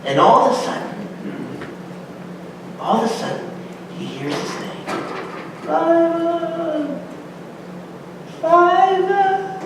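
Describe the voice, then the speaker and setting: Animated high-voiced male preacher, echoey hall. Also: a little slow, pauses often. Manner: animated, acts out quotes with big pitch swings. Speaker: pastor teaching a Bible class. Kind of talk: sermon-style Bible teaching. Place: church hall. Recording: echoey room, voice from far off, faint hum.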